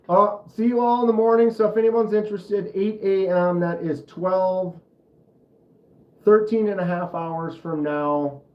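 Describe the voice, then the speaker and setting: A man's voice: high voice, a little slow, reverberant, dull audio. A man with a Minnesota accent hosting a casual livestream, rambling and chatting back to viewer comments. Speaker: knife channel livestream host.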